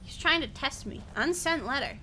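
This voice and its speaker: A woman's voice: high voice, animated, brisk, sharp tone, a little hiss or hum. A young woman streamer giving chatty, giggly game commentary, swearing freely.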